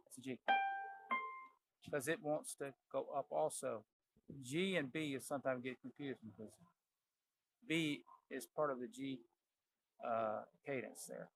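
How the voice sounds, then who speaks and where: A man with a medium-pitched voice teaches ear training casually at the piano, calling out the notes he plays and musing aloud. He goes a little slowly with long pauses, and the piano is loud behind his voice.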